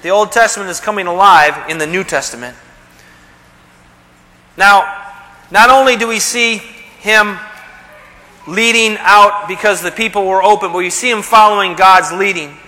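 A man preaches in a conversational way, often pausing for rhetorical questions. His voice sits high and sounds bright and forceful. A long reverb trails behind him, as if he is in a large hall. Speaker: pastor. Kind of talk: sermon.

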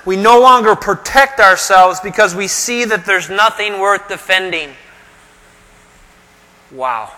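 Pastor, man, middle-aged, bright and high voice, emphatic sermon delivery, reverberant hall. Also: slow pace, pauses often. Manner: conversational, emphatic preaching with rhetorical questions.

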